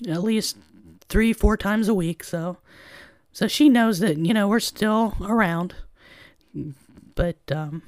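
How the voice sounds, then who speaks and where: A woman's voice: mid-range voice, no room sound. A woman hosting a casual solo podcast, rambling along with lots of fillers. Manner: rambling, filler-heavy chatter. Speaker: podcast host. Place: at home in a trailer.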